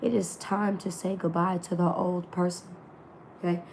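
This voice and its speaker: A woman's voice: lowish voice, level tone, moderate pace, vocal fry, darkish tone, a little hiss or hum. A woman reading tarot for her viewers in a casual, slangy and profane way, with a voice that is still healing. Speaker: tarot reader. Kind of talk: spiritual reading to an online audience.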